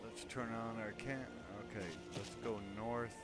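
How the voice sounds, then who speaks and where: Male game host, dry sarcastic let's-play chatter over clear game music. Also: medium pitch, steady tone, a little slow. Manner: sarcastic, self-mocking, rambling. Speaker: gaming video host.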